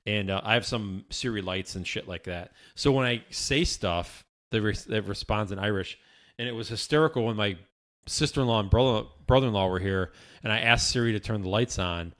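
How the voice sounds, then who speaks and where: A man's voice: fairly low pitch, fairly bright tone. A man co-hosting a podcast, rambling in casual chat and trailing off into mumbles. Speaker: podcast co-host.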